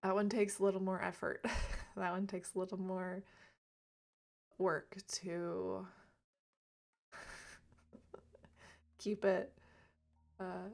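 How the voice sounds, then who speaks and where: A woman speaking gently and reflectively on a livestream about emotions, laughing lightly now and then. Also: mid-range voice, flat delivery, drawn-out words, gravelly, pauses often. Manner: soft, reflective, laughs lightly, drops to near whisper at times. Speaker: reiki streamer. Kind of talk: gentle spiritual talk on a livestream.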